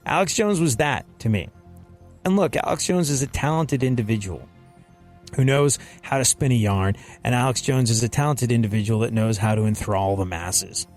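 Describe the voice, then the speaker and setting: A man hosting a talk show, giving an animated, sarcastic and preachy comedic monologue. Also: medium pitch, normal speed, faint music behind. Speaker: show host.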